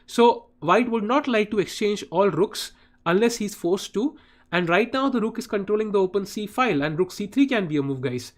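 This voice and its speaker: Casting: higher-pitched man, casual live chess stream host, chatty with chat. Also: animated, moderate pace. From India. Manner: chatty, addresses chat viewers by name, often says "guys".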